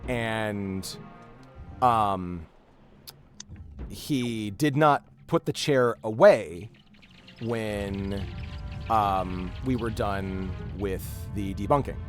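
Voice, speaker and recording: A man's voice: fairly low pitch, drawn-out words, long pauses, soft background music. A man hosting a game stream, telling a story in casual chat with many restarts and fillers. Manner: rambling, animated storyteller with frequent restarts. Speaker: streamer host.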